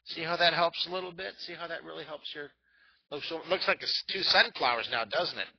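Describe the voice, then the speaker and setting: A man's voice: fairly high pitch, a little fast, vocal fry, husky. A middle-aged man leading a drawing lesson for children, thinking aloud and cheering on his young viewers. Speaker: drawing teacher. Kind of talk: live drawing lesson for kids. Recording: dull lo-fi sound.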